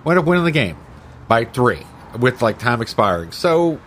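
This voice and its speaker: Halting man, a fan guest on a podcast. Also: medium pitch, very animated, fairly bright tone, slight background noise. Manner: hesitant, many fillers and restarts, fan talk. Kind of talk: casual sports chat.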